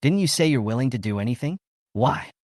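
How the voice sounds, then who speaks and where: A man's voice: medium pitch, animated, a little fast, a little mellow, no echo, studio quality, close to an everyday voice. A man voicing a cold, contemptuous young man who sneers at his mother in a storybook recap. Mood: cold, sneering. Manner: icy and contemptuous.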